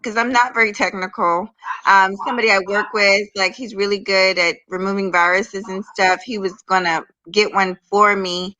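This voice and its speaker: A woman guesting on a live stream chats casually from her bed at home, drowsy from medication, hesitant and stammering. Her mid-range voice keeps a fairly even intonation at a moderate pace, sounding pushed and bright. The recording quality is low.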